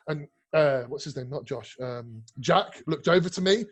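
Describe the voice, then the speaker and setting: On the high side and brisk, with few pauses, the man's voice carries rambling, profane stories. He's a bodybuilding coach and podcast guest, animated and casual, constantly restarting and dropping fillers.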